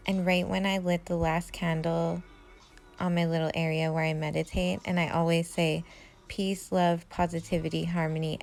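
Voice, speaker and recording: Brief: Canadian woman, low voice with fry, hushed and chatty storytelling. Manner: chatty, fills with "like", quiet and hushed. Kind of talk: casual first-person true story.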